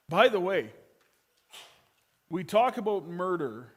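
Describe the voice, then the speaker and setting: A middle-aged man preaching a sermon as pastor, telling stories that swing from loud urgency to a quiet hush. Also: on the high side, expressive, slow pace.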